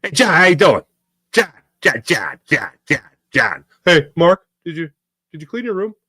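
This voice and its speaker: A fussy, nagging older dad with a raised, sing-song voice, as a man puts him on. He keeps calling out names over and over in a bright, pushy tone. The sound is dry and close, with no room at all. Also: fairly high pitch, big pitch swings, measured pace, no room sound, pitched above the performer's own voice, exaggerated voice. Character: host's middle-aged dad, fussy and nagging.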